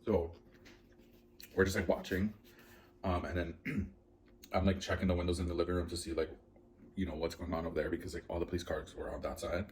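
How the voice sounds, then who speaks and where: Mukbang vlogger, low-pitched man, rambling anxious storyteller, faint hiss in the room. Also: little pitch movement, a little fast, long pauses, darkish tone. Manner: rambling, filler-heavy, anxious retelling. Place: at home, indoors.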